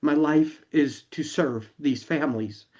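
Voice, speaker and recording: A man's voice: fairly high pitch, measured pace, a little mellow. Earnest emotional man, muffled call audio. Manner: earnest, emotional, repeats himself for emphasis. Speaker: company founder addressing members. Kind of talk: online company announcement.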